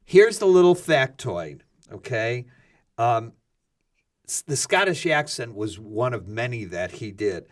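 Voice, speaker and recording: A man's voice: mid-range voice, very animated, unhurried. A man co-hosting a podcast, sharing trivia with dry quips in casual chat. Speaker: podcast co-host.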